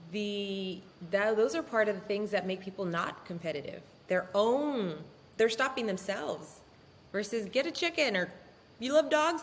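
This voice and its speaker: A woman speaking as a guest in a casual interview, animated and candid, swearing freely. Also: fairly high pitch, big-room sound. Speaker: law firm owner, podcast guest.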